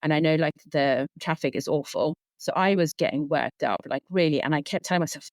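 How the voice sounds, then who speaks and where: A woman's voice: low-pitched, brisk, hardly any pauses, dry recording. A woman in her thirties, a sleep consultant guest on a podcast, talking earnestly and rambling with lots of filler words. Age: 30s. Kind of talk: casual conversational interview.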